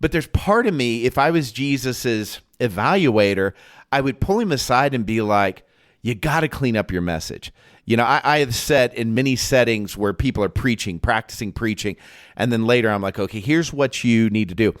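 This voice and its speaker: A man's voice: mid-range voice, lively intonation, normal speed. Man musing aloud over scripture. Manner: thinks aloud, restarts, acts out quoted lines. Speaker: podcast co-host. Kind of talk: casual Bible discussion.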